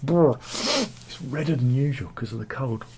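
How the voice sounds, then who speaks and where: A man's voice: mid-range voice, big pitch swings, measured pace, a little mellow, slight background noise. A British man in a cold room at home, reading viewer comments aloud in a rambling, joking, self-mocking chat. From Britain. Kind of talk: casual chat.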